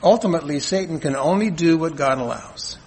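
A man preaching a sermon in an earnest, measured way, asking rhetorical questions and answering them. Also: a little high, a little mellow, slight background noise, poor audio. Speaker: pastor.

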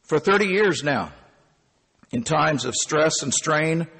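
A man in his fifties narrates a personal story in an animated, emphatic way. His voice sits a bit high and husky. A long reverb trails each phrase. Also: slow pace.

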